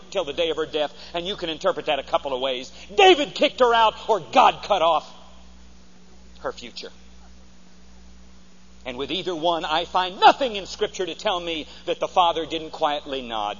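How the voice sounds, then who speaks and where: A pastor preaching a sermon, theatrical and animated, leading the congregation to repeat lines, in a dull recording with long hall reverb. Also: male voice, on the high side, moderate pace.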